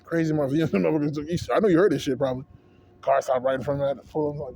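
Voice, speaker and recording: A man's voice: on the high side, steady tone, rapid-fire, vocal fry, darkish tone. A man in his thirties venting in a rambling, profane, heated rant to camera as a vlogger. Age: 30s.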